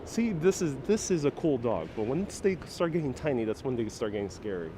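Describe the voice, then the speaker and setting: A man's voice: medium pitch, big pitch swings, fairly quick, dark tone, slight background noise. A man hosting a joking live stream as he walks outdoors on a city street, talking in a sarcastic, playful way into a wireless lapel mic. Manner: sarcastic, playful, laughs often.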